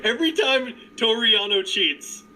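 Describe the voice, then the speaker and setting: A man co-hosting a podcast in casual chat, animated, laughing often and trailing off into restarts. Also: very high-pitched, moderate pace, a little hiss or hum, rough recording. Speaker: podcast co-host.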